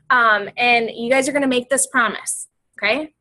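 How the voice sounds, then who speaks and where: A woman's voice: fairly high pitch, normal speed, sharp tone, poor audio. A young woman coach talking casually and emotionally, rambling and repeating herself. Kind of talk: casual motivational talk.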